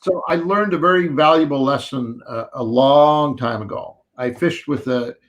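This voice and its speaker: A man's voice: on the high side, moderate pace. A man co-hosting a live fishing show, chatting animatedly and reading out viewer questions.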